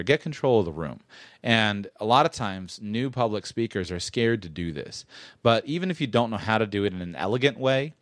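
Man, lowish voice, rambling rant, talking close to the mic, dry sound. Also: no room sound. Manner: chatty, rambling, self-correcting rant. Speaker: podcast host. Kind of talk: casual monologue with public speaking tips. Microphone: close studio mic.

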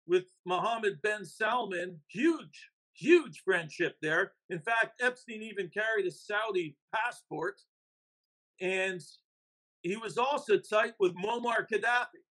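A man's voice: high-pitched, bright, forceful tone, rough recording. A man, an investigative reporter and author, talking emphatically as a podcast guest. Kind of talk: casual podcast interview.

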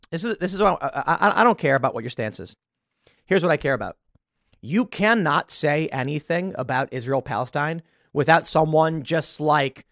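A man's voice: fairly high pitch, gravelly, fairly bright tone, dry recording, clean studio sound. A man hosting a podcast, delivering an exasperated opinion rant with frequent laughs and repeated words. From United States. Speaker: podcast host.

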